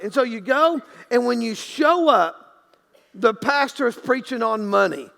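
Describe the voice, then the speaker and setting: A man's voice: very high-pitched, lively intonation, a little slow, creaky, pushed and bright, long reverb tail. A man preaching a sermon as pastor in a church sanctuary, talking in a loose, conversational way with many restarts and acted-out quotes.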